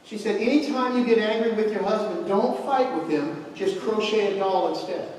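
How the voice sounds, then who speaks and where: Wry old wife voiced by a preacher; quiet, matter-of-fact, high-voiced. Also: male voice, normal speed, slight background noise, lightly acted. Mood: calm. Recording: echoey hall, mic far off.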